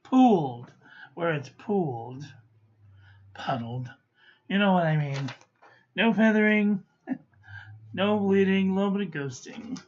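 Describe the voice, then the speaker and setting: A woman's voice: fairly low pitch, animated, takes it slowly, pauses often, a little mellow. A woman reviewing ink on paper in a casual chat, listing short verdicts with chatty asides. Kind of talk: casual hands-on review narration. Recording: slightly muffled lo-fi recording.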